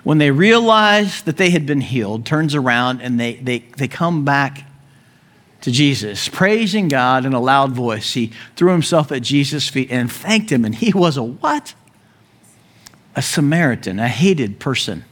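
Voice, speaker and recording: A man preaching a sermon as pastor, telling the story with animated energy and acting out voices with chuckles along the way. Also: on the high side.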